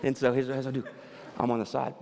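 A man preaching a sermon, moving between quiet storytelling and loud, fervent preaching. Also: mid-range voice, flat delivery, fast, vocal fry. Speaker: pastor. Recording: reverberant hall with faint ambience.

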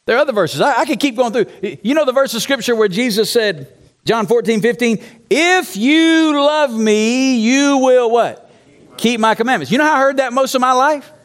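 A man's voice: extremely high pitch, lively intonation, quick pace, a bit bright. A man, a pastor, preaching an emphatic sermon to a congregation in a church, prompting them to call out answers and telling his own story candidly.

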